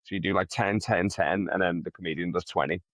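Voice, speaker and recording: A man's voice: low voice, fast talker, dry recording. A male comedian telling a rambling, profane story in a casual interview. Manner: profane, rambling, animated anecdote. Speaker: comedian guest.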